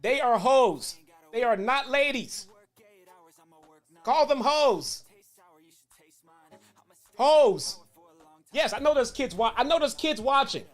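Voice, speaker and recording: A man's voice: on the high side, very animated, measured pace, pauses often, darkish tone, soft background music. A man voicing a blunt older male commentator who insists emphatically and repeats himself. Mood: insistent. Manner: emphatic, repetitive, commanding.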